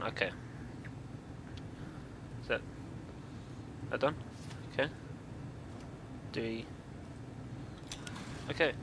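A man's voice: mid-range voice, background noise. A young man casually commentating a game as he plays, rambling and hesitant with lots of fillers and restarts. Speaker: gameplay video host. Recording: game music loud behind voice. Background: loud game music.

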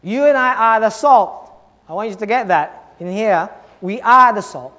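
Speaking expressively at a moderate pace in a large hall, a notably high-voiced male pastor delivers a sermon built on repeated rhetorical questions. His delivery shifts between loud emphasis and soft, low asides.

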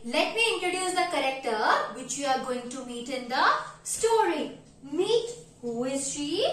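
Woman, nursery teacher, sing-song, slow, echoey room. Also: high-pitched, fairly bright tone. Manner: sing-song, drawn-out sounding of letters. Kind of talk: online children's lesson.

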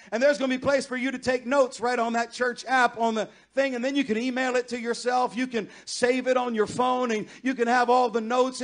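Pastor type, high-pitched man, sermon delivery that climbs to fervent shouting. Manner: builds from conversational to loud impassioned pleading. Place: church sanctuary.

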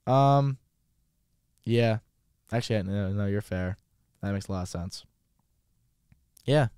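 A man's voice: fairly low pitch, slow pace, darkish tone, smooth, no room sound, clean studio sound. A man hosting a podcast, giving blunt, rambling, casual commentary with a profane edge. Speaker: podcast host.

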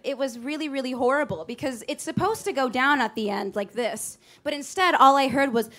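High-voiced woman telling stories onstage. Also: brisk, fairly bright tone. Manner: rambling, anecdotal, chatty. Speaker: singer and stage performer. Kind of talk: cabaret stage banter. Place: small live music venue. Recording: live club recording with a band.

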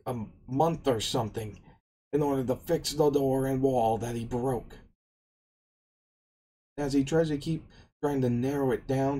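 A man narrates an anime recap in a slow, unhurried drawl with a dark, mellow tone. His delivery is casual and meandering, and he often restarts sentences midway. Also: mid-range voice, low-quality recording.

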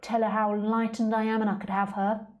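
Whispered role-play, woman playing a boastful male narcissist, sly, hushed. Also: mid-range voice, little pitch movement, fast talker, muffled recording, lightly acted. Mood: smug scheming. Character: smug scheming male narcissist, self-satisfied.

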